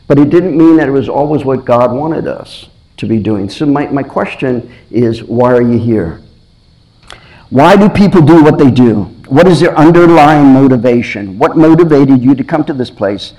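A man's voice: mid-range voice, expressive, normal speed, dark tone, rough recording. Earnest male preacher, questioning. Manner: earnest, questioning, repeats and restarts phrases. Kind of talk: sermon.

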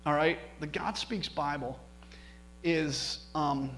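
Bright-voiced man preaching a testimony. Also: fairly high pitch, slow pace, slight background noise, low-quality recording. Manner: storytelling, animated, many restarts. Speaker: pastor. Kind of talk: sermon testimony.

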